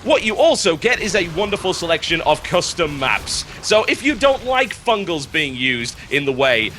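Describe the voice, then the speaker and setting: A man putting on a pushy infomercial salesman, rattling off a rapid, hyped sales pitch. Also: very animated, bright, forceful tone, slight background noise. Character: pushy infomercial salesman, male, over-eager.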